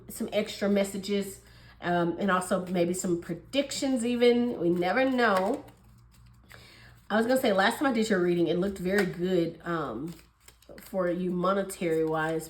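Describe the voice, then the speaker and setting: A woman's voice: mid-range voice, background noise. A woman talks through a tarot reading in a loose, chatty way, often laughing and acting out little back-and-forth dialogues. Her voice sits in a middle range. The room around her is echoey. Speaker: tarot reader.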